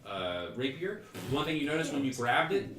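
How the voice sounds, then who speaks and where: A man's voice: medium pitch, sing-song, moderate pace, noisy background. A man narrating as game master in a tabletop game, rambling with laughing asides. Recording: echoey room, mic far off.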